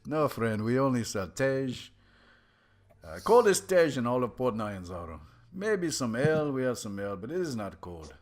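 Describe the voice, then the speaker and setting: Ein Mann als dröhnender, fröhlicher Wirt. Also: male voice, big pitch swings, normal speed, lightly acted. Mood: jovial. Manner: booming, boastful innkeeper cheer. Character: jovial male tavern keeper.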